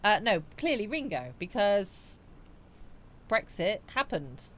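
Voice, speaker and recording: A woman's voice: medium pitch, very animated, takes it slowly, fairly bright tone. Chatty woman streamer. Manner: chatty and rambling, musing aloud with frequent fillers. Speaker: livestream host. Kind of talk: casual chat, reading viewer comments aloud.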